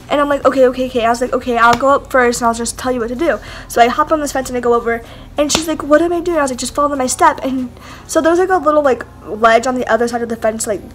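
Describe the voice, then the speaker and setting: A woman's voice: sits high, a bit bright, a little hiss or hum. A young woman vlogger telling a rambling story in casual chat, full of "like" and "whatever". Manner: rambling, heavy use of "like" and "whatever".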